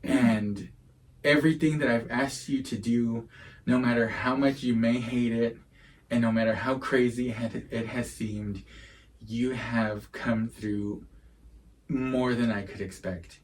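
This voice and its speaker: A man's voice: mid-range voice, steady tone, slow, distant mic, a little hiss or hum, poor audio. A middle-aged man hosts a casual podcast, taking his time over each word. He speaks with earnest, heartfelt sincerity. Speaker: podcast host. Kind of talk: casual chat.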